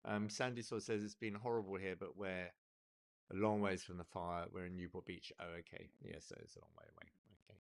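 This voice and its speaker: A man's voice: low-pitched, expressive, brisk, vocal fry. An Englishman co-hosting a casual live stream from home, greeting viewers and chatting, with many restarts. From England.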